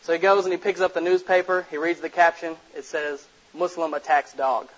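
A man's voice: high voice, fairly even intonation, a little fast, a bit bright. A man giving a casual public lecture to an audience, blunt and direct, telling jokes and stories. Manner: blunt, direct, jokey storyteller. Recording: muffled lo-fi recording.

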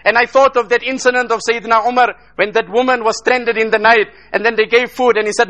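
A man's voice: extremely high pitch, steady tone, fast talker, hardly any pauses, a bit bright, dull audio. A man from South Africa giving an emotional sermon, telling stories in repetitive rhetorical phrases mixed with Arabic. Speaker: Islamic speaker.

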